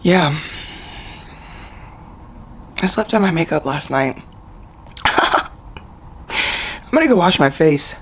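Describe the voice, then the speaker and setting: A woman vlogging casually while getting ready in a hotel bathroom, her voice hoarse from shouting, chatty and rambling with frequent laughs. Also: low-pitched, expressive, slow, pauses often, slight background noise. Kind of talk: casual chat to camera.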